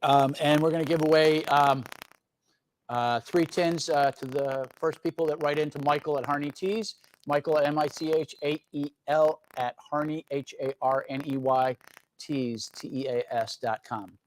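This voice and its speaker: A man with a slightly high voice hosts a relaxed live stream about teas. He rambles, fills pauses with "uh" and "um", and drops in joking asides to the crew. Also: slight background noise, rough recording. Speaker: tea company host. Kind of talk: casual live-stream chat.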